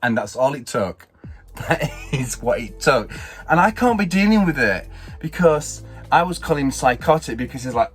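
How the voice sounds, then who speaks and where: A man's voice: fairly high pitch, lively intonation, faint music behind. A middle-aged man vlogging, telling a story in a rambling, exasperated way. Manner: rambling, exasperated, quick asides. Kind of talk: casual vlog storytelling.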